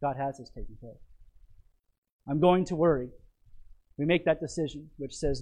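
A male preacher with a notably high voice delivers a sermon. He hammers home key phrases by repeating them and keeps pulling listeners in with questions like "isn't it?". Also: normal speed, long pauses, poor audio. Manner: emphatic, repeats key phrases, asks rhetorical tag questions.

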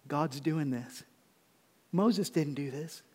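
Middle-aged male pastor, high tenor voice, preaching with swells of intensity, long hall reverb. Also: darkish tone, slightly rough. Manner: preaching with rising intensity, reading scripture slowly. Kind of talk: sermon.

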